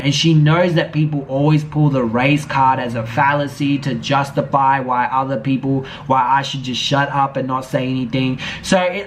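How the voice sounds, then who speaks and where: A man's voice: mid-range voice, a little hiss or hum. A man giving a blunt, indignant commentary vlog, swearing freely as he calls someone out. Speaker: YouTube commentator.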